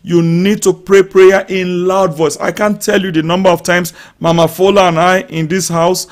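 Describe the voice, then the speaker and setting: A pastor delivers a live-streamed sermon at a moderate pace, his voice high-pitched for his build. He starts by reading scripture calmly, then grows fervent, rising to loud shouts as he cries out, makes declarations, speaks in tongues, and prays aloud over his listeners.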